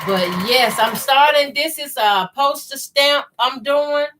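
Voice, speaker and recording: Brief: middle-aged Southern woman, unhurried, slightly high-pitched, folksy live-stream host chatting while she sews. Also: noisy background. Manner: chatty, folksy, greets viewers by name. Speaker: sewing channel host. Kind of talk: casual live-stream chat while sewing.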